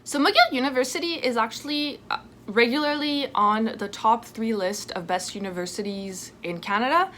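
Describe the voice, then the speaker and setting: Young woman, from France, sit-down vlog, chatty, lively asides, fairly high voice, faint dishwasher hum. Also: moderate pace. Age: 20s. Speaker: vlogger. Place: home indoors. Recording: faint dishwasher noise at home. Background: dishwasher noise.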